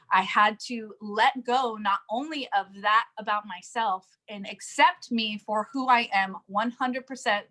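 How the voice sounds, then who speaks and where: A woman in casual chat, coaching on recruiting sales partners, animated and quick to laugh. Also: on the high side. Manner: animated, laughs often, acts out quoted people. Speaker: network marketing coach.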